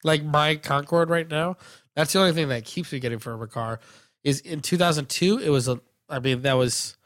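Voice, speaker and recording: A man's voice: on the high side, moderate pace, fairly bright tone, no room sound, studio quality. A man co-hosting a podcast in casual chat, blunt and teasing with a practical streak. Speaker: podcast co-host.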